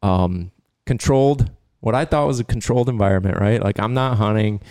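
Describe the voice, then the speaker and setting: A man hosting a podcast, telling a long story in a casual, animated way and laughing now and then. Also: lowish voice, fairly quick, clean tone, dry recording, studio quality. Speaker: podcast host and dog trainer.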